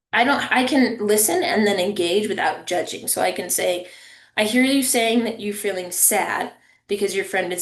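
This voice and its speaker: A woman's voice: medium pitch, echoey room. A woman presenting a family engagement webinar over a video call, talking in a conversational way and checking in with listeners. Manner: warm, conversational, checks in with "right?" and "okay?".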